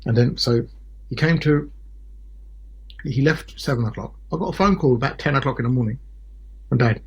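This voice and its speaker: A man in his forties from Britain, a solicitor telling his story as a podcast guest in an animated way, often checking in with "yeah?" and "right?". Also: mid-range voice, normal speed, vocal fry, husky. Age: 40s. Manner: animated, peppered with tag questions like "yeah?" and "right?". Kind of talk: casual podcast interview storytelling.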